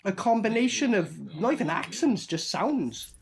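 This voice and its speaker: A man's voice: high voice, normal speed, creaky, a crowd in the background. Sweary man reacting to a movie. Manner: sweary, animated, laughing asides. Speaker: movie reviewer. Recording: film soundtrack playing behind.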